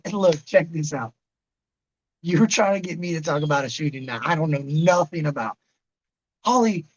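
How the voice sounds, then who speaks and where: A man's voice: sits high, highs cut off. A man in his late thirties hosting a livestream, rambling casually and answering chatters by name. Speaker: livestream host reading chat.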